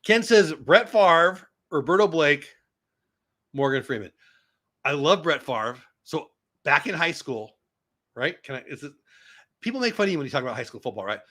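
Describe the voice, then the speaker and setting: A man in his fifties hosting a casual live stream, reading viewer comments aloud and reacting with excitable, chatty asides. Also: fairly high pitch, moderate pace, long pauses. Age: 50s. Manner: animated, excitable, talks back to chat.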